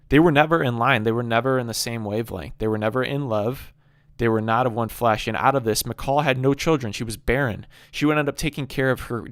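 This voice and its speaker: A man's voice: medium pitch, no echo, studio quality. Male commentator, preachy and emphatic, repeats his points, ordinary mid-range voice. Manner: emphatic, rhetorical questions, repeats phrases. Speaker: video commentator on Bible stories. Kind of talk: preachy monologue.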